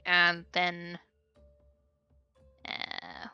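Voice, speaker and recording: A woman's voice: mid-range voice, measured pace, sharp tone, dry recording, lo-fi sound, faint music behind. A woman playing a tabletop game, planning aloud in a rambling, casual way. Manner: rambling, many fillers. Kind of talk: casual chat.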